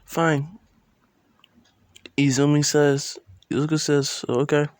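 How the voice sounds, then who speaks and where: A man with a slightly high voice improvises a fan-fiction story into a phone, sometimes from a distance. He rambles, restarts sentences and corrects himself often. The delivery is loose and casual. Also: a little slow. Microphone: phone, sometimes far from it.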